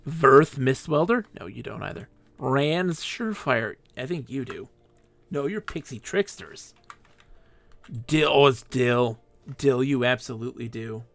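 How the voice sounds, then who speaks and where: A man's voice: mid-range voice, expressive, a little slow, vocal fry, fairly bright tone, no echo. A man streaming a game live, chatting with viewers and talking to himself as he plays. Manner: chatty, talks to viewers and himself while playing. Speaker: gaming streamer. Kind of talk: live-streamed gameplay chat.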